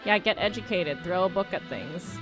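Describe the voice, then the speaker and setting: A woman's voice: on the low side, lively intonation, normal speed, over music. A young adult woman streamer gives a casual, enthusiastic reaction to a games showcase and muses aloud as she goes.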